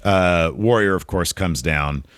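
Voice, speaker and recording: A man co-hosting a casual wrestling review podcast, joking and talking in an animated way. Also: a little slow. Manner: animated, jokey, jumps into higher pitch for emphasis. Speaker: podcast co-host.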